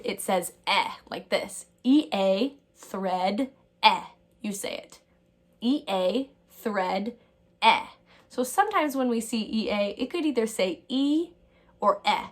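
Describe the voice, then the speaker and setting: Woman teacher, mid-pitch, cheerful, drawn-out phonics sounds for little kids. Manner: upbeat, exaggerated sounding-out, calls students my friends. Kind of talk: phonics lesson for young children.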